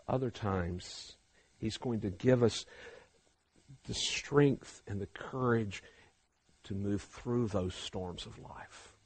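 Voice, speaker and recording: A man preaching a sermon, swinging from hushed, slow passages to loud, fervent ones. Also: on the low side, husky, dry recording.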